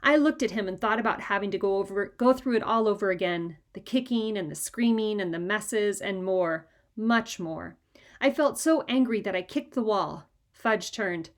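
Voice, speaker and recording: A woman reading a children's chapter book aloud in a lively, expressive way. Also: medium pitch, moderate pace. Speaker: reader. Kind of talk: storybook read-aloud.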